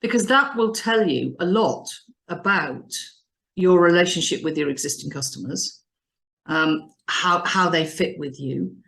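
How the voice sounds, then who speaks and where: A woman business advisor explaining customer strategy in an animated, emphatic way, often restarting her phrases. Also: on the low side, a little slow, gravelly. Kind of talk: business advice discussion.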